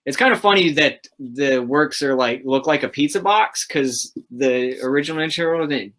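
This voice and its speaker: A man's voice: mid-range voice, lively intonation, normal speed, a bit bright. Enthusiastic man chatting about comics. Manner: rambling, enthusiastic, many fillers. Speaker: host of a livestream. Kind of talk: casual chat about comics.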